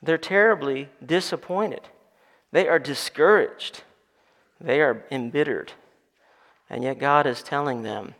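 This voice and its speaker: A man's voice: on the high side, a little slow, long pauses, fairly bright tone. A man preaching a sermon as pastor, building to emphatic calls for the congregation to answer. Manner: building to emphatic call-and-response. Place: church sanctuary. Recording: long reverb of a church hall.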